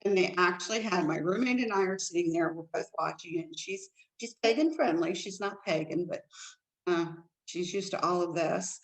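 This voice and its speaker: A woman co-hosting a casual chat show, telling stories in an animated way with big jumps in pitch. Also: normal speed, rough recording. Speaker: co-host.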